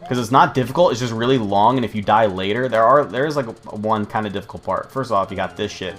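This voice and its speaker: A man's voice: fairly low pitch, fast talker, a bit bright, soft background music. Rambling, profane young man. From United States. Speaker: let's play host. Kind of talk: casual gameplay commentary.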